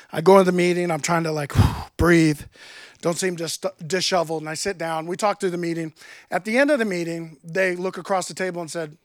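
A man in his thirties preaching a sermon, telling a personal story with animated delivery and acted-out dialogue. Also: fairly high pitch, brisk, dry recording, studio quality. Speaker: pastor.

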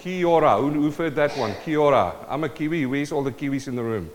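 A man's voice: fairly high pitch, expressive, brisk. Male preacher, South African accent, playful and interactive, recorded with long church reverb. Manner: playful, calls out to the congregation. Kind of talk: sermon.

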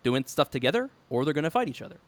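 A man's voice: a little high, sing-song, racing. A man co-hosting a casual podcast, talking with enthusiasm and laughing often. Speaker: podcast co-host. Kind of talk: casual podcast chat about wrestling.

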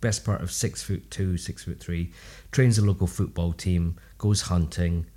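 A man's voice: deep voice, a little slow. A man, a speech and language therapist, telling personal anecdotes with humor as a guest in a podcast interview. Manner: warm, humorous anecdotal storytelling with lively asides. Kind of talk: casual storytelling interview.

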